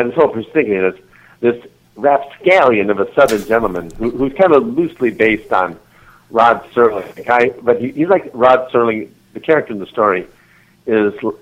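A man's voice: medium pitch, lo-fi sound. A man being interviewed as an author, chatting casually and rambling with lots of restarts and giggles. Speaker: author guest.

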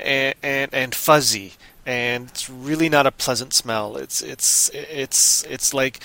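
A man's voice: medium pitch, bright, forceful tone, no echo. A man hosting a live stream in casual chat, rambling and goofy, often breaking into sing-song humming. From Canada.

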